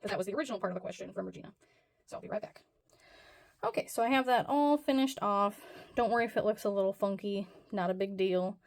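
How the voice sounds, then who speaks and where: A woman's voice: medium pitch, fast talker, vocal fry. A woman hosting a casual crochet tutorial, talking through each step in a rambling, self-deprecating way with plenty of fillers.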